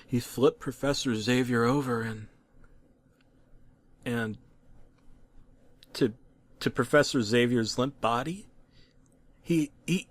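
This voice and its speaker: A man reads a horror tale with dramatic, deadpan seriousness, stumbling over a word now and then. His voice sits at an ordinary male pitch in a dry, close recording. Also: takes it slowly, pauses often, slightly rough, dry recording. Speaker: creepypasta narrator. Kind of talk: mock-serious horror story narration.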